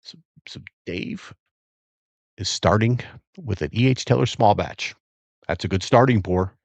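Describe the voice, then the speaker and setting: Middle-aged man, very low voice, dry close mic; relaxed rambling livestream host tasting and chatting. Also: measured pace, vocal fry, no room sound. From Virginia area, USA. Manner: relaxed, rambling, savoring and reacting to sips. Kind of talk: casual live-stream chat.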